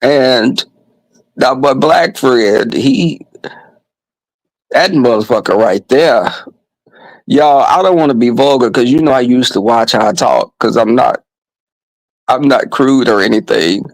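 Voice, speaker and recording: A man's voice: mid-range voice, lively intonation, a little slow, pauses often, no room sound, rough recording. A man vlogging, telling crude comedic stories to his viewers in a flamboyant, brash way with lots of swearing.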